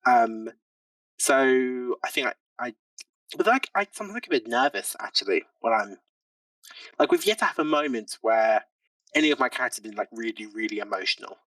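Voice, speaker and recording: A man's voice: medium pitch, expressive, fairly quick, a bit bright, dry recording, recorded from a distance, rough recording. A man who plays tabletop games, chatting on a podcast in a self-deprecating way, with lots of likes and ums. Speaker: tabletop game player and podcast guest. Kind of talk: casual podcast chat.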